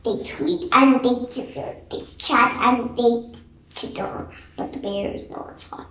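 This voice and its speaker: A woman reading a children's picture book aloud in a slow, deliberate manner. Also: fairly high pitch, a bit bright, roomy sound, slight background noise. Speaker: storybook reader.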